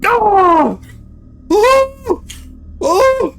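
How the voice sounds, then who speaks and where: A man voicing a wounded grown man, screaming in terror with shrill, panicked shrieks. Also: sing-song, drawn-out words, gravelly, a bit bright, faint music behind, full character voice.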